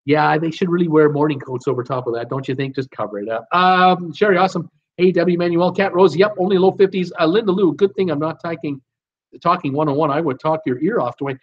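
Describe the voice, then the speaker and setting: A man's voice: on the high side, fast talker, muffled recording. A man hosts a live cruise Q and A stream, chatting casually and reading out viewer names and comments with many "uh" fillers.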